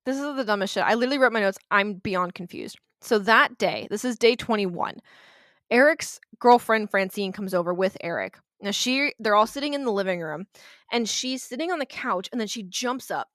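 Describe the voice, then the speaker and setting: A woman's voice: medium pitch, lively intonation, moderate pace, a bit bright, dry recording, studio quality. A woman co-hosting a podcast, retelling a haunting in a blunt, sarcastic way, swearing and laughing as she goes. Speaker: podcast co-host. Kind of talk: casual storytelling chat.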